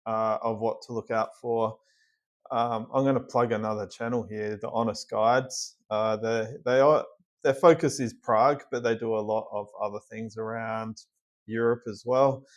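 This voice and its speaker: A man's voice: fairly low pitch, steady tone, normal speed. A man with an Australian accent, casually commenting on a clip and giving plainspoken, practical advice. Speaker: reaction video host.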